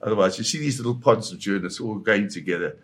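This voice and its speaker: A man's voice: on the low side, fast. A man, a photojournalist guest, telling a dramatic first-person story in a vivid way. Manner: vivid storyteller who slips into quoting voices.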